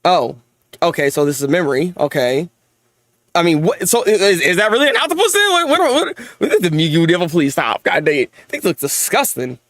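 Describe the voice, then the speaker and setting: An excitable young man reacting live to a manga chapter, his voice pitched high and swinging widely up and down. He trips over repeated words and breaks into laughter often. The sound is dry and close. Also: a little fast, no room sound.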